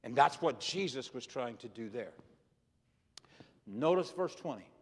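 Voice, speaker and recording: A man's voice: medium pitch, expressive, unhurried, slightly rough. A retired pastor in his sixties preaching a sermon, telling personal stories in an earnest way and often repeating his words. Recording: long reverb of a large hall.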